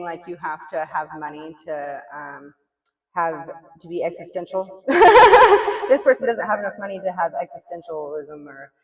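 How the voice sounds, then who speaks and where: Casual tarot reader, blunt and chatty, heavy "like" filler, mid-pitched voice, distant and roomy sound. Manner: blunt, chatty, swears, lots of "like" and "you know". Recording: echoey room, mic far off.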